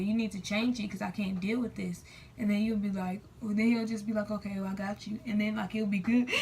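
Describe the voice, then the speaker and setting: Young female vlogger, casual storytime delivery, slightly high voice, recorded a little off-mic. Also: far from the mic, slight background noise. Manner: chatty, lots of "like", quoting herself and others.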